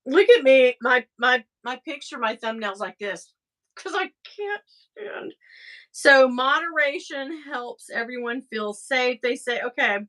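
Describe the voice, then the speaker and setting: A middle-aged woman hosting a casual livestream, talking straight to her viewers in a rambling, exasperated way. Her voice sits high and sounds bright. She takes her time, with an unhurried pace. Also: expressive. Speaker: livestream host.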